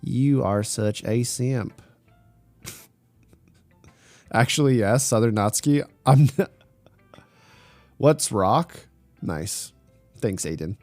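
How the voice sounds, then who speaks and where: A man's voice: mid-range voice, expressive, slow pace, pauses often, a little mellow, no room sound, faint music behind. A man streaming live through a slight voice changer, bantering crudely with chat as he reads it. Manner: crude, joking banter while reading chat.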